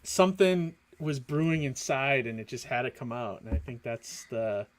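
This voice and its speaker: A man, a comic artist guest on a livestream, answering in a relaxed, halting way and laughing often. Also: medium pitch. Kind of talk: casual interview.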